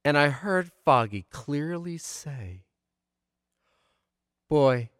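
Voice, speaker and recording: A man tells a homespun childhood story with plenty of animation, his voice rising and falling widely over a middle pitch. He drops into hushed tones and jumps up for sound effects. The recording is close and dry. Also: sing-song, unhurried, no room sound. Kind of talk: oral storytelling for an audience.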